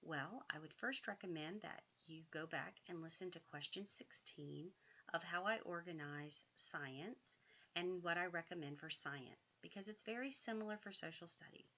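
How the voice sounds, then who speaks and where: A woman, an author and educator, giving homeschool advice in a measured, thoughtful way, sometimes drawing phrases out. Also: fairly low pitch, pushed and bright, lo-fi sound.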